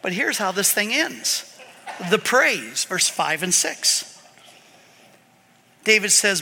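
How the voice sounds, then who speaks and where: A man with a very high, piercing bright voice preaches a sermon, animated and swinging between loud emphasis and quiet asides. His voice rings with a long hall reverb. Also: takes it slowly, long pauses, slight background noise. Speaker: pastor.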